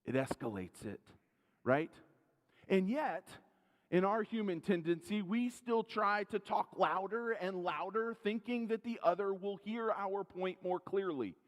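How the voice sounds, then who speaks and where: A man preaching a sermon as pastor. He speaks earnestly, asks the congregation direct questions, rises louder for emphasis and then drops low and quiet. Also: animated, measured pace. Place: church sanctuary. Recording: long reverb of a church hall.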